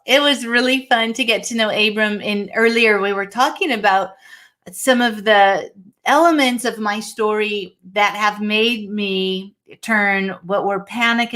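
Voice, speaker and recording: A woman's voice: medium pitch, a bit bright. A middle-aged woman from Washington state, telling a personal story as a guest speaker over a video call, earnest and laughing often. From Washington state, USA.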